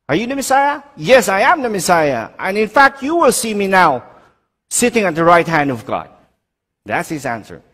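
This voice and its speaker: A male pastor delivering an emphatic sermon in a slightly high voice. He swings sharply between loud declarations and quiet, low asides, and he questions his listeners directly. His voice rings out in a long hall reverb. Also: big pitch swings, normal speed, breathy edge.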